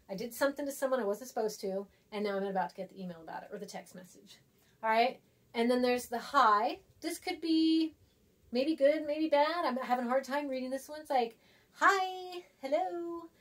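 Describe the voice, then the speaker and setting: Chatty woman teacher, slightly high voice. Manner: chatty, acts out texts in voices; writes on a board while talking. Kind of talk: casual classroom lesson.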